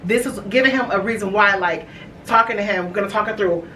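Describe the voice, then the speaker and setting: A woman's voice: mid-range voice, fairly quick, pushed and bright. A woman hosting a podcast, telling a personal story in casual chat, full of fillers and acted-out quotes. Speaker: podcast host. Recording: echoey room, mic far off, faint noise.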